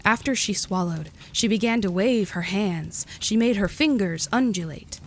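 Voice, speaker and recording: A woman narrating a gentle storybook tale in a calm, even reading. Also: mid-range voice, moderate pace, a little hiss or hum.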